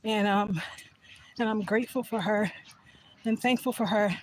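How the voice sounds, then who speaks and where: A woman's voice: mid-range voice, normal speed, slight background noise, poor audio. A woman vlogging while walking outdoors, telling an emotional story in a casual way, laughing often and sometimes dropping to a whisper. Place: outdoors, walking back from voting.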